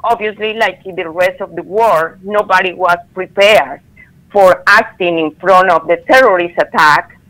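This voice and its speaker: A middle-aged woman with a strong foreign accent, speaking earnestly in halting non-native English as a guest on a radio interview. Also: fairly low pitch, a bit bright, low-quality recording. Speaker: guest telling a personal story.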